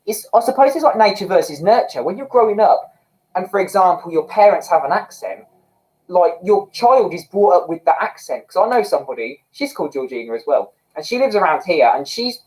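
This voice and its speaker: A man's voice: sits high, animated, a little fast, a little mellow, rough recording. A young man hosting a livestream, chatting casually and rambling expressively while reading out comments. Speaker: livestream host.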